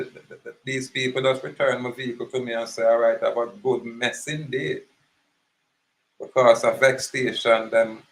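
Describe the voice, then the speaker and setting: A man's voice: mid-range voice, fairly bright tone, poor audio. A man with a Jamaican accent giving an impassioned, preachy monologue, emphatic and repetitive. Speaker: activist speaker.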